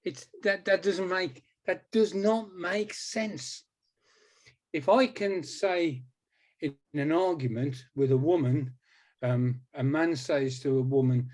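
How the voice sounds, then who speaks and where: A man's voice: on the high side, slow, darkish tone. Emphatic hypnotist man in his sixties. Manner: emphatic, repeats words, self-deprecating. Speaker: hypnotist guest. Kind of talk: conversational interview.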